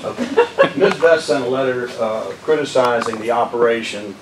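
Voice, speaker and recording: A man's voice: medium pitch, very animated. County manager guy talking to a meeting, lots of uhs, echoey room w/ background noise. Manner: measured, apologetic, with fillers. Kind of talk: addressing a public meeting. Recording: echoey room from far off, noisy.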